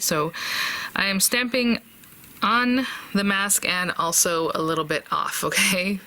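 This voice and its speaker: A woman's voice: lowish voice, bright, forceful tone, slight background noise. A woman hosting a casual crafting tutorial, chatting and thinking aloud as she works, with fillers and small laughs.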